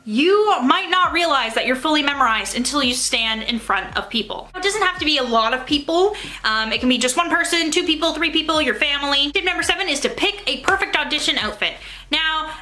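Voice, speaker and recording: Bright, high-voiced young woman giving tips. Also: animated, brisk. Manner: upbeat, emphatic, instructive. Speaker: theatre YouTuber giving audition tips. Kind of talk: casual advice vlog.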